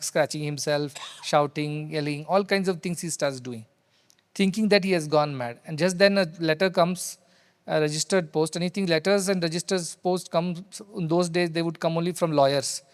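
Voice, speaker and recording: A male spiritual teacher tells a story in a discourse to devotees in a hall, animated and repeating key phrases. His voice is on the high side, clear and resonant, at a normal speed. The hall sound is reverberant.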